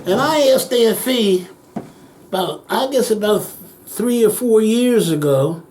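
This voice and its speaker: A man's voice: high-pitched, animated, takes it slowly, darkish tone. An older man recounting childhood memories in an oral history interview, acting out the voices of people he quotes and chuckling as he goes.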